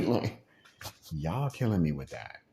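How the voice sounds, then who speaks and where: A man unloads his frustrations in a loose, rambling monologue, animatedly acting out quoted voices and laughing often. His voice rumbles low at normal speed, with a little hiss or hum in the recording.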